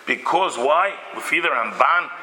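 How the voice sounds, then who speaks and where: A man giving a Torah lecture, mixing in Yiddish and Hebrew terms and acting out little scenes, sometimes with sudden loud outbursts. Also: fairly high pitch, animated, a little slow, echoey room, low-quality recording. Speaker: rabbi giving a Torah talk.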